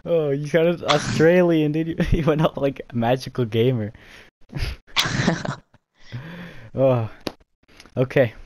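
A man's voice: medium pitch, steady tone, takes it slowly, long pauses, a little mellow, no room sound. A man hosting a casual gaming video, laughing at himself and saying "you know" a lot. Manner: giggly, self-mocking, says "you know" often. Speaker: YouTube gaming host. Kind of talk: casual gaming chat with impressions.

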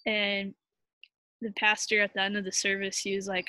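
A young woman telling a personal story in a halting, heartfelt way, full of fillers and restarts, sounding tired. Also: mid-range voice, monotone, pushed and bright, dry recording. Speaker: vlogger.

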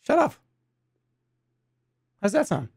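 A man's voice: very high-pitched, wildly swooping pitch, slow pace, gravelly, darkish tone, husky. A man chatting on his livestream, joking and acting mock-outraged, laughing often. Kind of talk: casual livestream chat.

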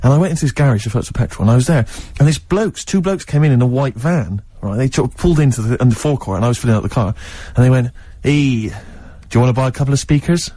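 A man telling an animated story in casual radio chat, laughing often. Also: medium pitch, racing, few pauses.

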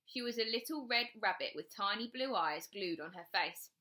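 A female teacher reads a children's chapter book aloud, telling the story expressively. Her voice sits in the mid range and moves at a normal speed.

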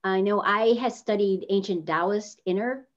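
A woman coaching a workshop on video presence, talking casually and changing her pitch up and down to demonstrate intonation. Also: a little slow, highs cut off. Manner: casual, with fillers. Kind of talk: teaching workshop.

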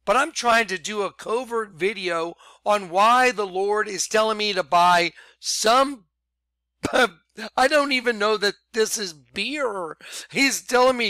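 A vlogger recounts a story to his viewers in a lively, casual way, frequently slipping into "I'm like" as he retells it. His high voice sounds dry, with little space around it, and he takes his time in a dry recording.

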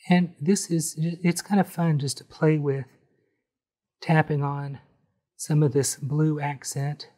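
A man calmly talking through a step-by-step painting tutorial, explaining each brushstroke as he goes. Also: a little high. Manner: friendly, unhurried, explains each brushstroke as he works. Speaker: painting instructor.

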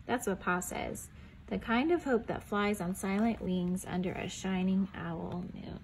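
A young woman reading a picture book aloud to preschoolers in a gentle storytelling voice, stopping to ask the children questions and dropping to a whisper on the quiet lines. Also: medium pitch, a little slow, a little hiss or hum, poor audio.

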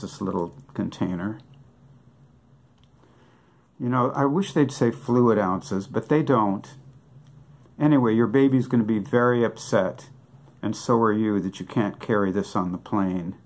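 An older man talks through a comic monologue at an unhurried, deliberate pace. He delivers it with a wry tone, firing off rhetorical questions and then answering them himself. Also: lowish voice, animated. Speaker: comic songwriter. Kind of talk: joking monologue with props.

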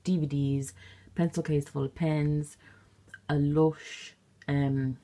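Her voice is deep and slow, with little pitch movement and a dark tone. Filming herself on a handheld camera in her bedroom, this young woman chats casually in a rambling vlog laced with sarcastic, offhand remarks.

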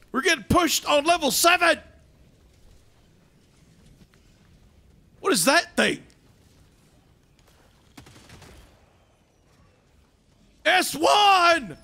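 A man putting on the voice of a frantic shouting army sergeant while playing a video game, barking radio-style orders. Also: extremely high pitch, voice pushed up, exaggerated voice. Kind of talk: in-character game commentary.

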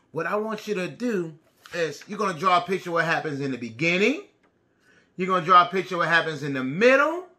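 A man teacher who reads a picture book aloud to young children, speaking slowly and deliberately and asking them questions. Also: sits high, pushed and bright.

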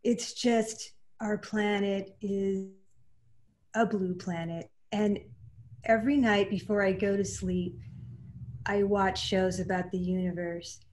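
A woman quilt artist talking in a panel discussion over a video call, earnest and halting, getting emotional as she speaks. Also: mid-range voice, fairly even intonation, darkish tone.

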